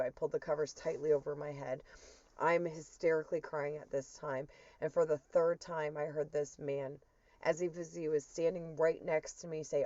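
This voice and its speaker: Low, dark-voiced woman telling a testimony. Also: flat delivery, normal speed, dry recording. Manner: earnest, emotional retelling. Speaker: storyteller sharing a spiritual experience. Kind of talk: personal testimony storytelling. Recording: dull, muffled dry recording.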